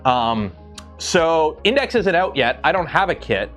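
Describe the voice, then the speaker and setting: Chatty man, lively voice, faint music. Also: a little high, a little slow. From Canada. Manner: chatty and rambling, thinks aloud. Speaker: streamer building a 3D printer. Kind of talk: casual live-stream chat.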